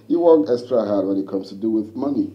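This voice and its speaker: A cocky young prince, voiced by a man, speaks very deep and dark. His pitch swings widely as he jokes dismissively. The sound is muffled and echoey. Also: expressive, normal speed, background noise, natural voice. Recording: muffled, roomy film audio.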